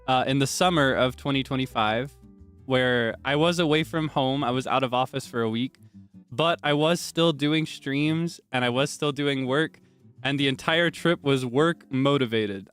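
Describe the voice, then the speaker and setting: A man chatting casually on a livestream, playful and repeating himself in quick bursts. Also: medium pitch, a bit bright. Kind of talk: casual stream chat.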